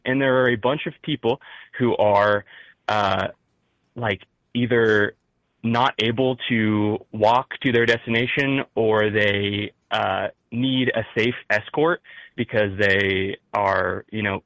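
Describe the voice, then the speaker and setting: A young man with a Midwestern accent, calling in to a talk show and speaking in a halting way full of fillers and restarts. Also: on the low side, a bit bright, no room sound, low-quality recording. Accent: Midwestern American. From rural Midwest. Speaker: caller. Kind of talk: call-in talk show conversation.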